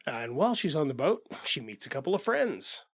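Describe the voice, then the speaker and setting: A man's voice: fairly high pitch, sing-song, brisk, breathy edge, dry recording. A man co-hosting a podcast about movies, in a casual, blunt chat full of swearing, who sometimes acts out the characters. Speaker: podcast co-host.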